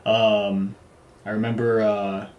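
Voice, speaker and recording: A man's voice: lowish voice, flat delivery, slow pace, lo-fi sound. Casual, swearing man in a roomy echo. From United States. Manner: loose and profane, full of fillers and restarts. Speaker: vlogger. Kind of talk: casual travel storytelling.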